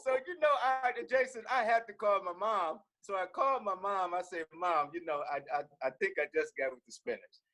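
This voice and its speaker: A man, a singer in a vocal group, telling a lively story on a video call. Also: high voice, brisk, hardly any pauses, low-quality recording. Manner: animated, laughing storyteller.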